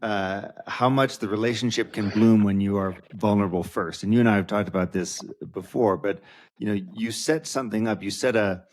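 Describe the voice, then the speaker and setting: A man's voice: fairly low pitch, fairly quick. A man hosting an interview podcast, reflecting on what his guest says and drawing it out. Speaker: podcast host.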